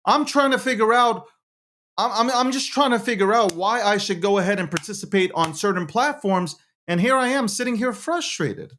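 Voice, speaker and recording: A man's voice: high voice, moderate pace, bright, forceful tone. A man hosting and producing a live show, talking in a heated, repetitive way with heavy swearing.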